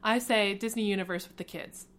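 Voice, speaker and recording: Woman reading as earnest middle-aged dad, lovesick, animated read-aloud, mid-pitched. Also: brisk, lightly acted.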